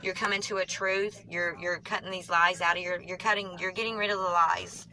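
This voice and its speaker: A woman with a Southern US country twang, reading tarot cards for viewers in a fast, rambling way, often correcting herself mid-sentence. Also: lowish voice, steady tone, bright, forceful tone, rough recording. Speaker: tarot reader.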